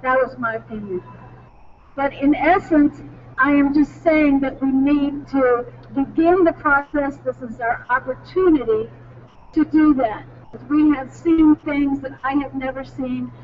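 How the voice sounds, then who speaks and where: A woman's voice: high-pitched, measured pace. Older woman speaking up at a press event, earnest and emphatic, thin phone-like sound. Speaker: speaker at a church press conference. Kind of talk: impromptu public statement. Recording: distant tinny recording with faint noise.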